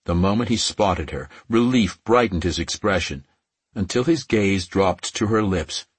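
A man reading romance fiction aloud as an audiobook narrator, in a measured, softly emotive way. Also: low-pitched, expressive, slightly rough, dry recording.

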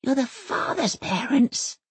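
A woman's voice: high-pitched, sing-song, takes it slowly, slightly rough, no echo, voice pushed up, heavily acted. A woman voicing a small, curious, wary girl in an audiobook reading. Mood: wondering.

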